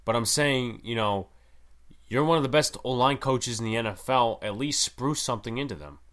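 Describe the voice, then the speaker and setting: A young man hosting a solo sports podcast, talking in an animated, emphatic and rambling way with lots of fillers. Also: medium pitch, moderate pace. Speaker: podcast host.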